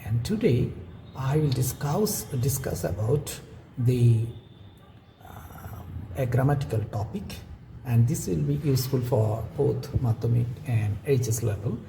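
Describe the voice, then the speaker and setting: A man from India with a Bengali accent, a school headmaster giving an English grammar lesson to his students in a virtual class, explaining slowly with many fillers and restarts. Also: medium pitch, lively intonation, creaky, dark tone, long reverb tail, a little hiss or hum, rough recording. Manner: explanatory, hesitant with frequent fillers.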